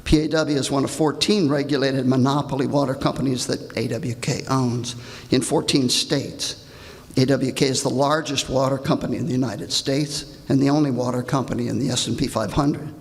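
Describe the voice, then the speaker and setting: At a public hearing, an older man reads out his prepared comment, sounding pointed and indignant. His gravelly voice sits at a middling pitch, with fairly even intonation and a normal speed. The recording has the long echo of a large, reverberant hall.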